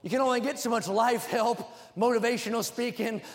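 Preacher guy, real high voice, hollers his lines in a big echoey church. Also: steady tone, brisk. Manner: builds to shouted rhythmic exhortations. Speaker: pastor. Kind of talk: fiery sermon. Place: large church sanctuary. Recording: long hall reverb.

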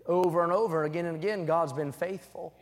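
A young man preaching in a church sanctuary, his fairly high voice carrying a long hall reverb. He drives his points with emphasis and swells into loud, fervent peaks. Between points he reads scripture aloud. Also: steady tone, brisk. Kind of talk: sermon.

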